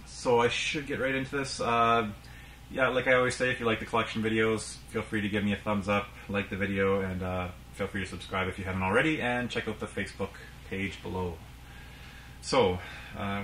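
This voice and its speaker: Low-voiced man with many ums, echoey room. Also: a bit bright, a little hiss or hum. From Canada. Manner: rambling, many ums and uhs. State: out of breath. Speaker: game collector channel host. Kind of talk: casual collection vlog.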